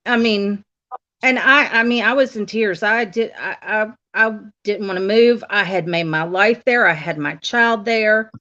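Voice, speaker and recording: A woman's voice: medium pitch, measured pace, sharp tone. A woman from the United States chatting casually on a live stream and telling stories, laughing often. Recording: dull, lo-fi stream audio.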